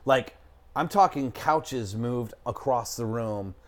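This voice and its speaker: A man's voice: mid-range voice, slow pace. A middle-aged man telling a story in casual chat, rambling and swearing, with lots of fillers. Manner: rambling, profane, lots of "like" and "I'm talking".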